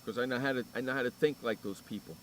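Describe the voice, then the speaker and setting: A man's voice: mid-range voice, fast talker, slight background noise. A man hosting a sports radio show, talking brashly and boastfully in casual banter.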